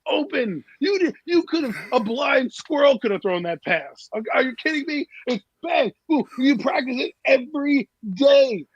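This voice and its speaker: A man's voice: extremely high pitch, expressive, moderate pace, hardly any pauses, no room sound, lo-fi sound. A man co-hosting a sports podcast, ranting in a heated, profane, exasperated way.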